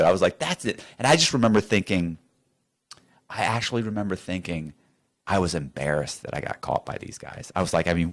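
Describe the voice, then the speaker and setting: Man, interview guest, storytelling, lowish pitch, very lively intonation, acts out dialogue. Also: a little fast. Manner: animated, acts out both sides of conversations. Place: studio.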